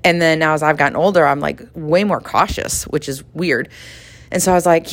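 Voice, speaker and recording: A middle-aged woman, teaching a devotional in a chatty, animated way, acting out little dialogues. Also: fairly low pitch, moderate pace. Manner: conversational, animated, acts out dialogue, laughs often. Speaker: podcast host and Bible teacher.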